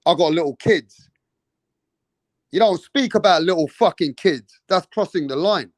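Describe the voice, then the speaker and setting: A man's voice: sits high, a little slow, no echo. A man, a boxing channel host, ranting indignantly in heated casual commentary with heavy swearing.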